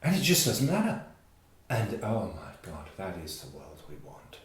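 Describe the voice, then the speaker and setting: A man's voice: sits low, wildly swooping pitch, normal speed. A man, co-hosting a casual chat, joking and telling stories. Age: 60s. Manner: jokey, laughs easily, storytelling. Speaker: podcast co-host. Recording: echoey room.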